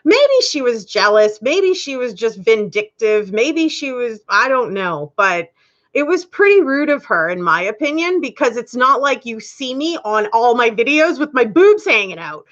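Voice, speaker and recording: A woman's voice: on the high side, sing-song, normal speed, a bit bright, lo-fi sound. A woman hosting a casual live stream, chatting candidly with viewers and laughing often.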